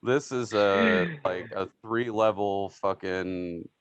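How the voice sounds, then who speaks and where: A man's voice: low voice, slow, clean tone, no echo, lo-fi sound. A man co-hosting a podcast in a casual chat, describing memes, swearing freely and laughing as he talks. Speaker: podcast co-host.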